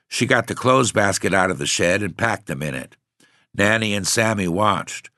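A man narrating an audiobook story with expressive delivery. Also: lowish voice, creaky, no echo, clean studio sound.

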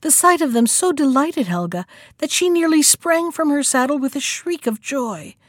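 A woman reading a fairy tale aloud in a measured, expressive storytelling manner. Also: high voice, no echo, studio quality.

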